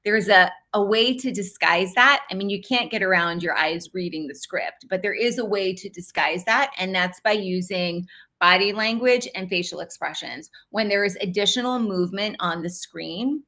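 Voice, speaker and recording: A woman's voice: medium pitch, moderate pace, pushed and bright. Emphatic woman coaching on camera. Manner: clear, emphatic teaching with stressed words. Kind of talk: live online class, teaching.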